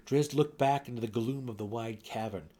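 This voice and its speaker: A man giving a dramatic reading of a fantasy novel, swelling louder and sinking to hushed tones, with a husky voice. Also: medium pitch, normal speed. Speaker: audiobook narrator.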